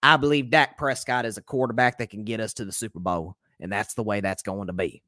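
A man doing an impression of an older male football team owner, speaking slowly and haltingly with drawn-out fillers. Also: fairly even intonation, sharp tone, no room sound, studio quality. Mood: confident. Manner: slow, low, halting delivery with drawn-out fillers. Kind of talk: impression within sports commentary podcast.

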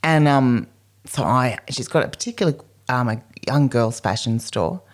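Middle-aged woman, low voice with big swings, blunt storyteller, casual podcast chat in a hotel room. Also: normal speed. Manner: animated, blunt, swears freely.

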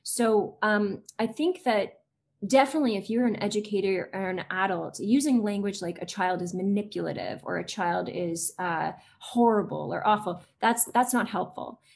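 A woman's voice: mid-range voice, moderate pace, vocal fry. A woman in her forties talks casually as a guest on an interview show. She is chatty, fills her sentences with little fillers, and slips into other voices when she quotes children. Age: 40s. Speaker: guest, educator.

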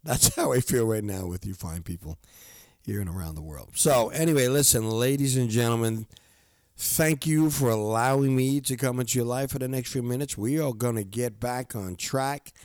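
A man's voice: mid-range voice, moderate pace, a little mellow, no echo, studio quality. A middle-aged man hosting his own podcast, talking in a rambling, heartfelt way with lots of fillers and restarts. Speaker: podcast host. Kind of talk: casual solo podcast monologue. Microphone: close studio microphone.

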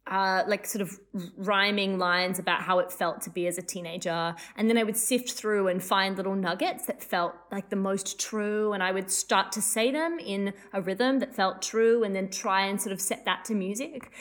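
Woman, young adult, chatty, lots of fillers, interview guest, mid pitch. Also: a bit bright. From Australia. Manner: chatty, many fillers, quick restarts. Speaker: playwright and composer guest. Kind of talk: casual interview chat.

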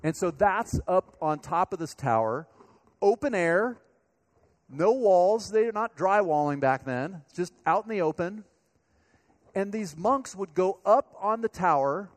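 Man preaching in a chatty, personal way. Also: sits high. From Colorado, USA. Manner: conversational storytelling, speaking directly to the congregation. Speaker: pastor. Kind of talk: sermon.

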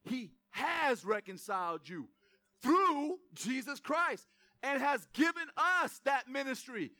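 Male pastor, very high and bright voice, fired-up sermon delivery, calls out to the congregation. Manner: fired-up, addresses congregation directly, emphatic repetition. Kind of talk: energetic sermon. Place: church sanctuary.

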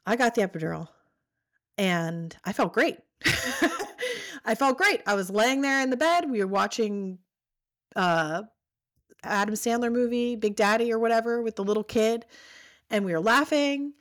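A woman in her thirties telling a personal story as a podcast guest, animated, acting out what people said. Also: a little high, moderate pace, pauses often. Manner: animated storytelling, acts out quoted voices.

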